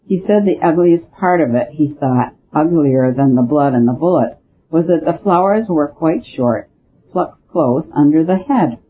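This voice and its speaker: A man's voice: a little high, animated, measured pace. A man voicing the priest's blunt, gloomy friend, who explains things in a matter-of-fact way. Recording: dull lo-fi recording with faint hiss.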